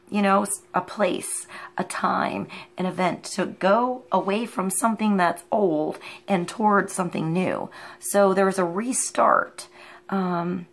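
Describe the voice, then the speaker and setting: Slow, musing woman reading tarot. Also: medium pitch, vocal fry. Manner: musing, halting, thinks aloud with many pauses. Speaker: tarot reader.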